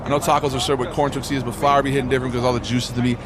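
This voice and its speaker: A man's voice: mid-range voice, level tone, racing, noisy background. A young man live streaming and chatting casually with his viewers, laid-back and slangy, calling everyone bro. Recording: music playing loudly underneath. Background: game music playing under the voice.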